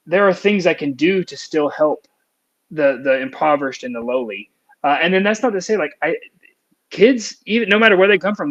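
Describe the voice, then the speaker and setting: A man's voice: mid-range voice, fairly bright tone, lo-fi sound. A young adult man, a music teacher, talking earnestly and reflectively in a casual podcast chat, with plenty of fillers.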